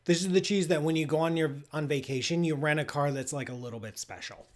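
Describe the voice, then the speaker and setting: A man's voice: fairly high pitch, quick pace. A man hosting a live science show, talking loosely and chatting with playful enthusiasm, with lots of "like" and restarts. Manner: playfully enthusiastic food tasting. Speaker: astrophysicist host of a live call-in space show. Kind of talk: casual live-stream chat.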